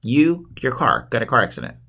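A man's voice: medium pitch, huge pitch swings, brisk, gravelly, pushed and bright. A man in his thirties hosting a casual chat, telling rambling stories and laughing often.

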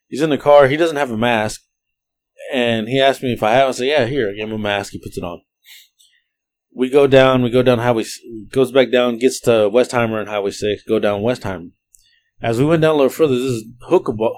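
A man, a podcast co-host telling rideshare driving stories in a profane, animated way, acting out the quotes. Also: medium pitch, a little fast. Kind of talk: casual storytelling chat.

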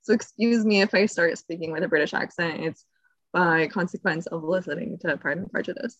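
A fairly low-pitched woman talks casually as a podcast co-host, chatty and quick to laugh, often wandering off on tangents. Her voice is close and dry, with almost no room sound around it. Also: dry recording, dull audio. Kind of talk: casual explanatory chat.

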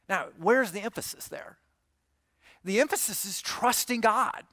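A man with a high-pitched voice preaches an earnest, conversational sermon in a church, asking his listeners questions as he explains. The recording is dry and close, with no room echo. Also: a little slow, bright, forceful tone. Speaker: pastor.

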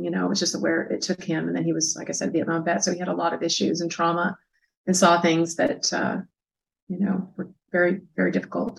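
A gravelly, lowish voice belongs to a woman in her fifties who is telling a personal story as an interview guest. She's soft and reflective, often pausing with hesitant fillers, and the recording is poor quality.

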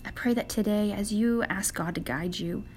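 A young woman leads an earnest devotional for a women's podcast audience. Her delivery is conversational, and her voice sits at an everyday mid pitch. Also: moderate pace, darkish tone, slight background noise. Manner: earnest and conversational, acts out quoted prayers. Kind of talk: casual devotional talk.

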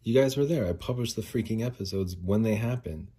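A man's voice: lowish voice, brisk, mellow, husky. A man hosting a podcast in a casual solo rant, frustrated and swearing, a little out of breath. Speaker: podcast host.

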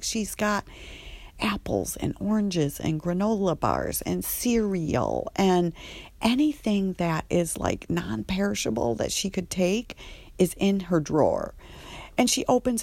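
Woman telling a story real slow, lots of ums and laughs, lowish voice. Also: sing-song, gravelly, a little mellow, dry recording. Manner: chatty, laughs often, many ums, drops into whispers. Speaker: former treatment patient telling her story. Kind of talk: casual personal storytelling.

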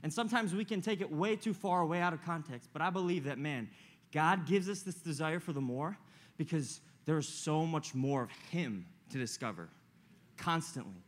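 This young man, a youth pastor, addresses a live audience with a casual sermon packed with jokes and slang. He's excitable, speaking at normal speed with a fairly high pitch.

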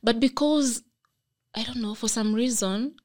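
A woman's voice: a little high, a little slow. A young Kenyan woman with a Kenyan accent, hosting a casual podcast chat and explaining her points earnestly. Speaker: podcast host.

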